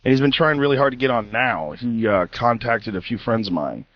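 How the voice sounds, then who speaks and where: A man's voice: medium pitch, lively intonation, fairly quick. Blunt, profane male podcast host. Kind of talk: casual podcast talk. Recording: dull lo-fi podcast clip.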